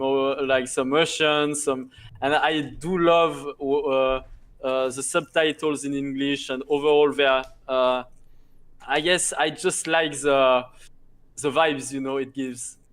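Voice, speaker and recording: A man co-casting a game tournament, talking casually and hesitantly, with many pauses and soft laughs. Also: mid-range voice, flat delivery, clean tone. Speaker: co-caster.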